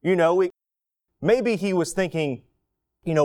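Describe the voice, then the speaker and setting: A man's voice: high voice, measured pace, warm tone. A man preaching a sermon, telling the story vividly and acting out people's inner thoughts. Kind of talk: expository sermon.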